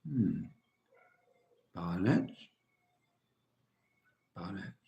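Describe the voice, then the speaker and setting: A man's voice: deep voice, big pitch swings, extremely slow, gravelly, mellow, roomy sound, lo-fi sound. An older man from England hosting a live stream, chatting casually and answering viewer comments with dry humour. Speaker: livestream host.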